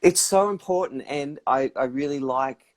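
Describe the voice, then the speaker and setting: Reflective man giving calm advice. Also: medium pitch, normal speed. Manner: reflective, acts out inner voices. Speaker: guest practitioner. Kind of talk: casual advice chat on a live stream.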